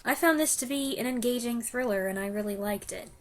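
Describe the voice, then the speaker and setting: In this reel of flubbed film review takes, a young female reviewer keeps stumbling, restarting, and cracking herself up. She speaks briskly, her voice on the high side.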